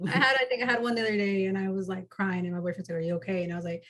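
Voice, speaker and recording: A woman's voice: mid-range voice, rapid-fire, few pauses, a bit bright. A woman guest, an artist, talking candidly in a casual conversation and laughing now and then.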